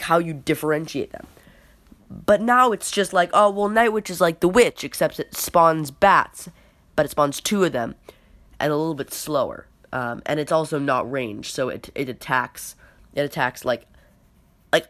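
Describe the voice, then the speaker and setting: Low-voiced woman ranting casually. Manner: rambling, filler-heavy, frequent restarts; lists items off in quick runs. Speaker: podcast host. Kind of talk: casual opinion rant.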